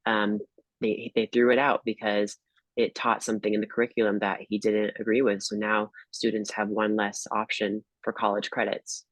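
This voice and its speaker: A man's voice: lowish voice, completely flat delivery, normal speed, fairly bright tone, dry recording, poor audio. A man appearing as a guest tarot reader, talking hesitantly with many fillers and restarts. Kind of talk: casual predictions chat.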